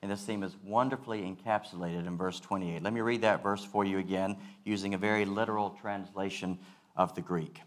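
A male pastor giving a sermon, earnest and measured, repeating key phrases for weight. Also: low-pitched, steady tone.

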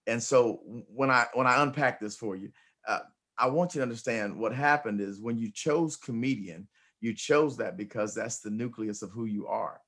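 A man hosting a motivational talk show, speaking at a middle pitch. He talks emphatically, often stumbling over and repeating his first words. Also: moderate pace, a bit bright, slightly rough. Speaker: host. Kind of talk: motivational interview chat.

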